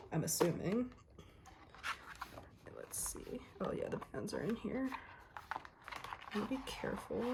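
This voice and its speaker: A young woman chatting casually through an unboxing, gushing and excitable, and losing her voice. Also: medium pitch, gravelly, noisy background. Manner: gushing, excitable, lots of ums and laughs. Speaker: vlogger.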